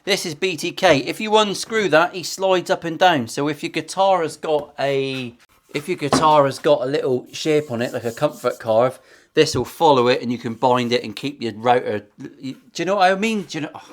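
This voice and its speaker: A man talks through a guitar build in his workshop, in a voice pitched a little high. His chat is loose and sarcastic, peppered with swearing. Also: moderate pace. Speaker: luthier. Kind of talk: casual workshop build vlog.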